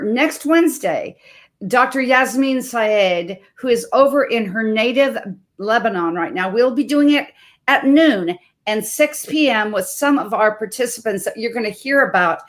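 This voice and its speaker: A woman in her sixties from Montana, a health coach hosting a live webcast, introducing her guest in an expressive, emphatic storytelling manner. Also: a little high. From Montana, USA. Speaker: health coach and show host.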